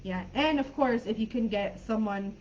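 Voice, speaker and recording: A woman English teacher talks through a live online lesson in a relaxed, chatty way, often stopping to restart her sentences. Her voice comes over a somewhat dull video-call line with a faint hiss behind it. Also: a little high, moderate pace. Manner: friendly, chatty, many fillers and restarts. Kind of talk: live online class, casual teaching talk.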